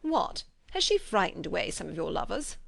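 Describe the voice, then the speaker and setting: A woman's voice: mid-range voice, very animated, moderate pace, vocal fry, a bit bright, breathy edge, no room sound, full character voice. A woman playing a dry, teasing old father. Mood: wry. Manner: wry and teasing.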